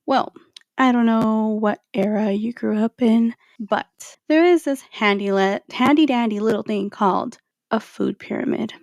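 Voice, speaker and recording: A woman in her thirties hosts a solo podcast episode, chatting informally and speaking straight to her listeners. Her voice carries a gravelly, fry-tinged texture. The sound is dry and close. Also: medium pitch, a little mellow, dry recording. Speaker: podcast host.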